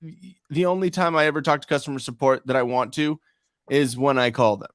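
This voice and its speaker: A man's voice: mid-range voice, fast, dry recording, clean studio sound. Rambling, profane male podcast host. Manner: profane, rambling, many fillers. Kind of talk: casual podcast chat.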